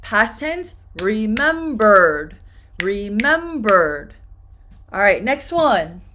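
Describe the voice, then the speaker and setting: A woman teaches English pronunciation at a very slow, deliberate pace. She says each word twice and stretches it out clearly for learners. Her pitch rises and falls in a lively, animated way. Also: slight background noise. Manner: repeats words slowly and clearly for learners.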